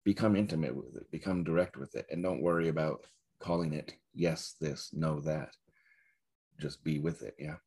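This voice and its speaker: A man giving a dharma talk as a Zen teacher, reflective and searching, with soft laughs. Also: extremely low pitch, moderate pace, slightly rough.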